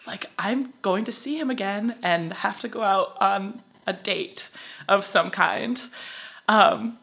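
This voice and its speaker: A woman telling a story with animation, full of "like" fillers, voicing both sides of a conversation. Her voice sits at a middle pitch for a woman. She talks casually as a podcast guest. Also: normal speed, vocal fry, fairly bright tone.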